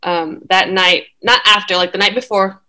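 A woman's voice: medium pitch, moderate pace, bright, forceful tone. A young woman guest telling a personal story in casual chat, full of fillers. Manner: chatty, many fillers.

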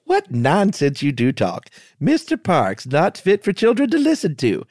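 A man doing a shrill scolding old housekeeper. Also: huge pitch swings, unhurried, a little mellow, dry recording, clean studio sound. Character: fussy older female housekeeper, scolding. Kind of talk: reading a story aloud with voices.

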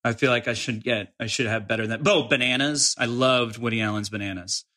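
A man's voice: medium pitch, fairly quick, pushed and bright. A man from Los Angeles, a film director guest, chatting in a rambling, hesitant way with lots of restarts. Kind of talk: casual interview chat.

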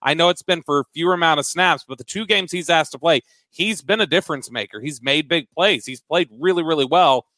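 A man's voice: a little high, brisk, hardly any pauses, bright, forceful tone, no echo. A man co-hosting a casual sports podcast, running through segment picks with frequent restarts. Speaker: podcast co-host.

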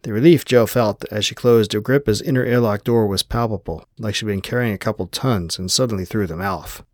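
Guy reading an audiobook, low voice, even and steady, super dry close sound. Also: fairly quick, dry recording. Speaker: audiobook narrator. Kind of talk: scripted narration.

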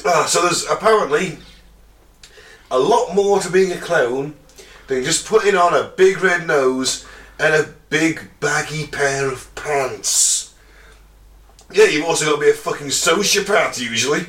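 A man's voice: on the high side, a little slow, a bit bright. A man co-hosting a casual comedy podcast, swearing freely, laughing often and playing up mock outrage. He is recorded from a distant mic in a roomy space. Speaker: podcast co-host.

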